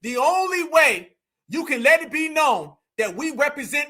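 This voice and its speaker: This political livestream host delivers a heated, sermonizing rant, again and again addressing viewers as fam. His voice is extremely high, bright and forceful, very animated, though his pace is moderate.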